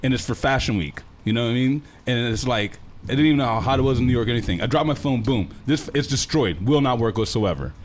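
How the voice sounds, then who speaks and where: Fast-talking profane man telling a story. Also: medium pitch, a little hiss or hum. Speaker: guest telling a travel story. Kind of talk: casual storytelling.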